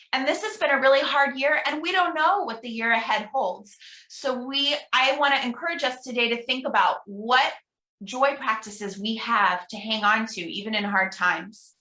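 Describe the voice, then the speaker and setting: A woman minister with a fairly high, clear, bright voice leads an upbeat all-ages talk for an online church service. She reads affirmations slowly for listeners to repeat back. The room around her sounds roomy and echoey. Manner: upbeat, leads call-and-response affirmations with slow pauses. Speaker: guest minister. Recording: roomy echo.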